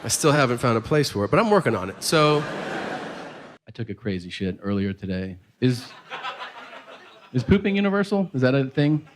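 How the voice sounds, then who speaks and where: A man doing a stand-up set, telling stories with animated shouted voices. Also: medium pitch, normal speed, pauses often. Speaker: stand-up comedian. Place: large venue with audience. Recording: live hall with crowd noise.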